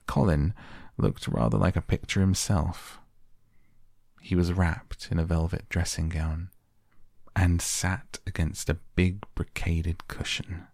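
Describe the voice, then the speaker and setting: Deep gravelly man reading softly. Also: takes it slowly, no room sound, clean studio sound. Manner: gentle, calm. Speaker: audiobook narrator. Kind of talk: soft bedtime story reading.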